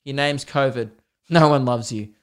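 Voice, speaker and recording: A man's voice: medium pitch, moderate pace, clear, resonant tone, natural voice. A man doing a crude, mocking schoolteacher. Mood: scornful. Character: blunt, foul-mouthed male schoolteacher.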